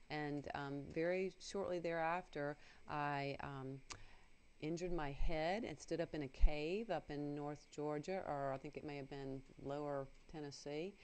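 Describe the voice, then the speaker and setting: A middle-aged woman telling a personal spiritual story on the radio, earnest and halting, with many fillers and restarts. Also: deep voice, steady tone, darkish tone, clear, resonant tone.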